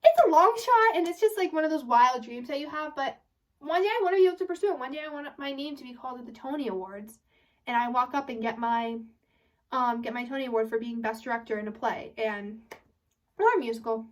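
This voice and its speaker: A young woman of about eighteen, a high school senior, chatting casually to her viewers, rambling and restarting her sentences. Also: fairly quick, far from the mic. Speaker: vlogger. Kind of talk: casual chat to camera.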